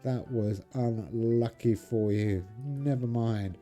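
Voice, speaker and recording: Warm and unhurried, his mid-range voice carries over soft background music. He's a game channel host giving casual commentary, chatting with viewers while he plays a card game.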